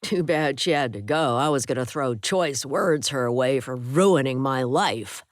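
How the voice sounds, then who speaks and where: A woman reading an audiobook voices a gruff, bitter male patient who talks in a sarcastic, mocking way. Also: very deep voice, animated, unhurried, no echo, studio quality.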